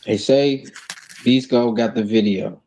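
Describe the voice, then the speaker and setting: A man's voice: medium pitch, steady tone, slow pace, mellow. A man, a podcast guest telling stories in blunt, profane street talk. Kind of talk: casual storytelling.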